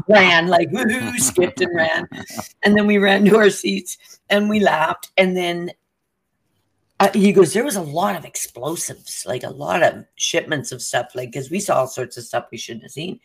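Animated woman telling a story. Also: fairly low pitch, slightly rough. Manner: animated, acts out quotes with laughs. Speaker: co-host. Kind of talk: casual storytelling chat.

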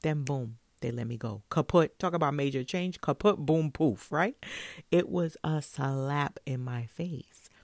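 A woman from Brooklyn, a hairstylist telling a story in a casual, animated way and laughing often. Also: sits low, unhurried, vocal fry, dry recording. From Brooklyn, New York.

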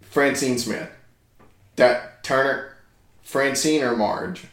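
A man's voice: medium pitch, takes it slowly, a bit bright. A man co-hosting a casual podcast chat with a dry, joking manner. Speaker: podcast co-host. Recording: echoey room.

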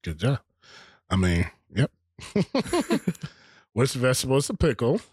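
A man's voice: medium pitch, huge pitch swings, slow pace, a little mellow, husky, dry recording, clean studio sound. A man co-hosting a casual podcast, quizzing his friend with teasing remarks and frequent laughter. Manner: teasing quizmaster, laughs often. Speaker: podcast co-host.

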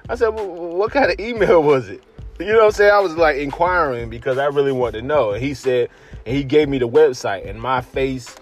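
A man, a podcast host, telling a story casually, slangy and animated, acting out his friends' lines. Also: mid-range voice.

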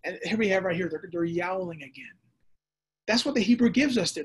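Guy preaching, kinda high voice and husky, chatty, does little voices. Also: a little fast. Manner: lively preaching with acted-out voices and conversational asides. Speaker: pastor. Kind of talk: sermon. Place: church or home setting during the pandemic.

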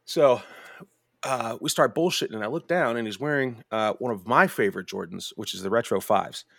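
A man hosting a podcast, telling a story in casual chat, profane and animated, jumping into high voices to mimic people. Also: a little fast, creaky, slightly rough, no room sound, studio quality. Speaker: podcast host.

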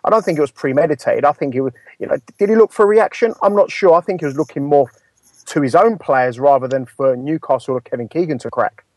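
Higher-voiced man in a dry room. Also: fast, a little mellow, dry recording. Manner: thoughtful, hedging. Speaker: football pundit, Manchester United fan. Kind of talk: casual podcast discussion.

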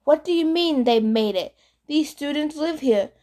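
A woman's voice: sits high, expressive, normal speed, mellow, pitched above the performer's own voice. Brief: a woman voicing a cold, commanding male teacher with a French accent, in a storybook reading. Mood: stern. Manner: curt, commanding.

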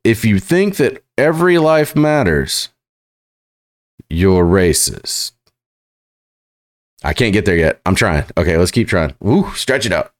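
A man hosting reaction commentary, sarcastic and halting, full of fillers and restarts. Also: lowish voice, big pitch swings. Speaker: commentary host.

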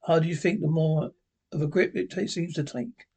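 A man's voice: fairly high pitch, normal speed, creaky, a little mellow, husky, rough recording. A man reading the part of a fussy, kindly male professor, hesitant and restarting. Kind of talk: reading a script aloud.

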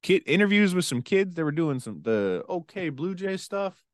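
A man co-hosting a sports podcast, talking in a casual, animated way with quick asides and frequent laughter. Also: on the high side, dry recording, clean studio sound. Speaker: podcast co-host.

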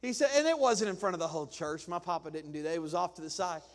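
A man preaching to his church in a chatty, down-to-earth way. He slips into quick acted-out voices for humor. His fairly high voice rings with the long reverb of a large sanctuary. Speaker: pastor. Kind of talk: sermon.

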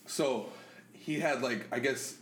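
A man's voice: mid-range voice, slow, a bit bright. A man co-hosting a podcast, telling stories in rambling casual chat full of fillers and laughter. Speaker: podcast co-host. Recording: echoey room with faint noise.

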